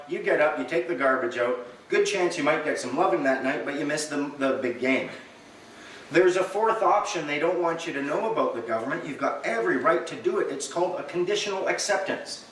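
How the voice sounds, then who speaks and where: A man giving a lecture to a live audience, animated and joking, acting out little dialogues as he goes. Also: fairly high pitch, fairly quick, slight background noise. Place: meeting room with an audience. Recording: echoey room, recorded from far off.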